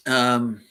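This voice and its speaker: A man's voice: medium pitch, sharp tone, smooth. A man hosting a podcast, rambling offhandedly and joking as he reads aloud from a screen at home, often trailing off into mumbles. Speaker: podcast host. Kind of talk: rambling casual commentary while reading aloud.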